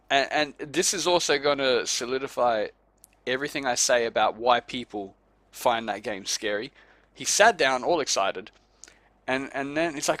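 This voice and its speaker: A man's voice: mid-range voice, normal speed, dry recording. A man chatting on a gaming podcast, telling stories with lots of swearing and acted-out reactions from his friends. His voice sits in the middle of the range and sounds dry and close to the mic, with no room around it. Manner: animated storyteller, swears, acts out friends' reactions. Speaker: podcast host. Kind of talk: casual chat.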